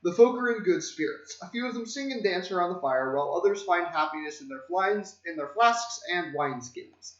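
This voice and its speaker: Man, game master, reading prepared narration, high voice, dull lo-fi sound. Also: expressive, fairly quick, hardly any pauses. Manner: reads prepared scene descriptions. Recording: roomy, dull lo-fi mic.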